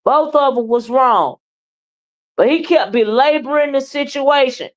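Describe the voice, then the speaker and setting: A woman doing livestream commentary, blunt, profane and animated as she trash-talks and chats with viewers. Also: high-pitched, measured pace. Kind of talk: live commentary and chat with viewers.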